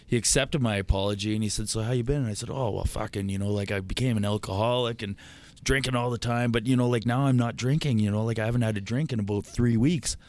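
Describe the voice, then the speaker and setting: Profane, low-voiced storytelling man. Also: fast talker, a little mellow, dry recording. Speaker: podcast guest. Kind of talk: casual storytelling.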